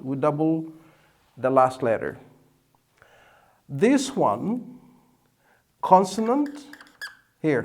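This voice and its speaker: A male teacher explains grammar slowly and deliberately, repeating key words. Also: fairly high pitch. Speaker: English teacher. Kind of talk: explaining at a whiteboard.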